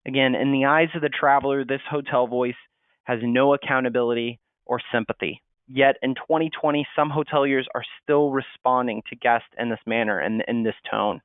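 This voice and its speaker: A man's voice: medium pitch, fairly even intonation, normal speed, clean tone, no room sound. A man giving a marketing webinar presentation, explaining steadily and reading sample replies aloud. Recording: tinny phone-like audio, dry.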